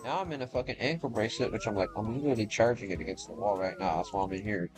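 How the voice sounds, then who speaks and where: A man's voice: on the low side, racing, poor audio. A young man streaming a game, telling a long aggrieved story in casual, profane, rambling talk. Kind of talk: casual chat while gaming. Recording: game music playing underneath. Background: game music.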